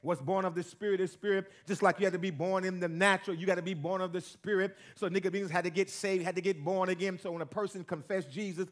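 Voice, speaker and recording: A man preaching a sermon as pastor to a church congregation, with call-and-response and stretches that build to shouting. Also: high-pitched, fairly even intonation, fast talker, hardly any pauses.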